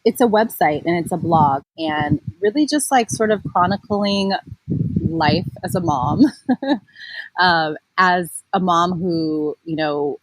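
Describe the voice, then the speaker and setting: Husky-voiced woman in her forties. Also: fairly low pitch, takes it slowly, dry recording, low-quality recording. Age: 40s. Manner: chatty, many fillers, laughs easily. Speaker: guest, mom blogger. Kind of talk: casual interview chat.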